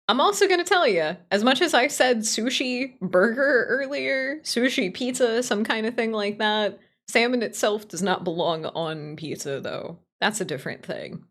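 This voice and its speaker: Answering her chat as she streams live, this woman speaks in a rather high, animated, a bit bright voice at a moderate pace. Her casual talk is playful, blunt, opinionated, and heavily profane.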